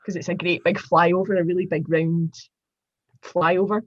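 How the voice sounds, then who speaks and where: A Glaswegian woman in her forties tells stories in casual chat, full of fillers and quick asides. Her voice is husky. The sound is dull, lo-fi and dry. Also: lowish voice, no echo. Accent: Glaswegian Scottish. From Glasgow, Scotland. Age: 40s. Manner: animated storyteller, chatty with many fillers. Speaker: guest.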